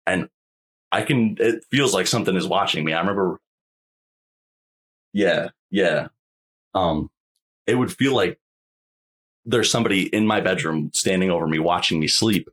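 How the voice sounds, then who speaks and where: A young man with a very low, deep voice tells a personal story as a podcast guest. He talks casually and rambles, with plenty of fillers, and keeps checking that the listener is following. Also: moderate pace, pauses often, a bit bright.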